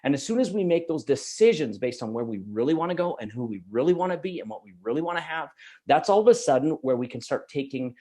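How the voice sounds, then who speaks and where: A middle-aged man from Canada, giving an energetic, emphatic motivational talk as a guest speaker. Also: on the high side, quick pace. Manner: energetic, emphatic, laughs easily.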